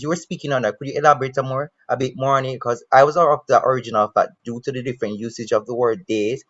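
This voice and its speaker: Hesitant man on dull call audio. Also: medium pitch. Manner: hesitant, thinks aloud. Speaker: panelist asking a question. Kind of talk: casual discussion. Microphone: video call.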